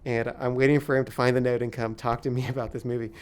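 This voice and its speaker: A man's voice: mid-range voice, flat delivery, fast, clear, resonant tone. A man tells a comic anecdote in a casual, confessional way. He stammers and restarts often and sounds nervous. His voice sits in a mid range. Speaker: filmmaker telling an anecdote. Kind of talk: comic first-person storytelling.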